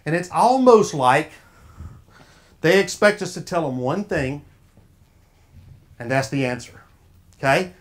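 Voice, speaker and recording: Folksy Southern man with a raised pitch. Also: animated, unhurried, pauses often. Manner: folksy, preacher-like, quizzing the audience. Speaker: speaker at an officials' association. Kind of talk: motivational talk.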